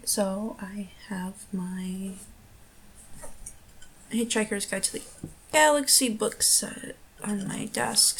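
A young American woman doing a casual accent-tag video, giggling often between her answers. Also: on the high side. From United States. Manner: giggly, laughs between words. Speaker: vlogger.

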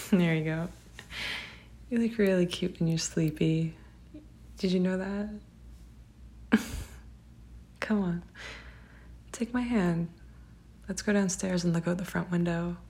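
A young woman, speaking gently and tenderly to a partner in a whispered role-play, with soft laughs. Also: lowish voice, slow, pauses often. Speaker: affectionate partner.

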